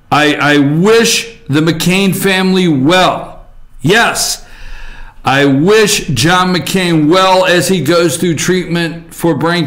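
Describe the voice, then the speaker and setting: A man's voice: fairly high pitch, a bit bright. A man hosting a talk show, giving opinionated political commentary in a sarcastic, rambling way with many fillers.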